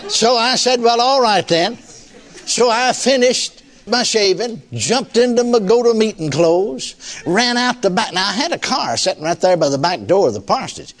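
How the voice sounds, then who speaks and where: Yeah older guy preaching, kinda high voice, chuckling, lots of "you see". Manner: folksy, chuckling often, fillers like "you see". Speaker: pastor. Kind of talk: sermon storytelling.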